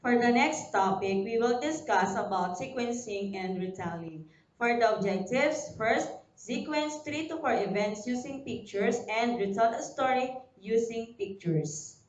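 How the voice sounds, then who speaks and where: Filipino woman teacher, unhurried and clear, voice a bit distant in a roomy space with dull sound. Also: on the high side. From Philippines. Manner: slow, deliberate classroom delivery, spelling words letter by letter. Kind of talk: recorded online lesson for young pupils.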